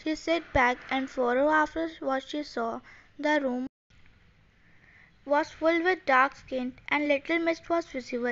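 A woman reading fan fiction aloud in a plain, even way, with non-native phrasing, on a dull lo-fi home recording. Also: high voice, measured pace, gravelly. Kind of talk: story reading.

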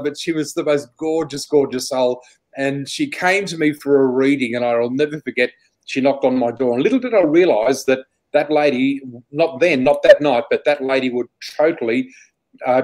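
A man, a psychic guest telling lively anecdotes, laughing often and acting out what people said. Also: medium pitch. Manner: animated, laughs often, acts out quoted dialogue. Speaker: psychic flower reader, interview guest. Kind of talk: storytelling anecdote.

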